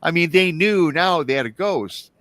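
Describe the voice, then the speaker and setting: A man's voice: fairly high pitch, lively intonation, normal speed, a bit bright, no room sound. A man in his forties hosting a live talk show, telling a story casually, with many restarts and asides to his listeners. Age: 40s. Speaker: show host.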